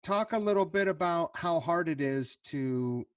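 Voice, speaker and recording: A man's voice: a little high, animated, a little slow, no echo, recorded from a distance. A man hosting a podcast, asking long rambling questions in a friendly, self-deprecating way. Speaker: podcast host. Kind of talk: casual interview.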